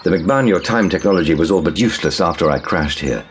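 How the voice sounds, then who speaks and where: A man's voice: low-pitched, animated, fast talker, slight background noise. An actor playing a wary male scientist and former villain in an audio drama, hesitant and placating in manner. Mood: rueful. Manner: hesitant, placating, soft-spoken. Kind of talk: radio drama acting.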